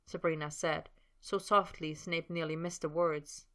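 A woman narrating a work of fiction as an audiobook, in a steady storytelling manner. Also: deep voice, a little slow.

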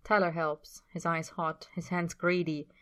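A woman reading a story aloud in a steady, plain voice. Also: fairly low pitch, measured pace. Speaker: story reader.

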